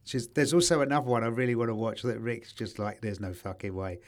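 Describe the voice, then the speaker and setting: A man's voice: medium pitch, a little fast. A man, a podcast co-host teasing his friend in casual chat and swearing freely.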